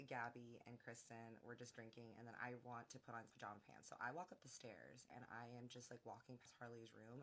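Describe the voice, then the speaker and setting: A woman with a deep-set but bright, punchy voice tells a personal drama as a storytime. She is animated and gossipy and drops casual swears. She acts out everyone's lines as she goes. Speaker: storytime vlogger. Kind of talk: storytime narration.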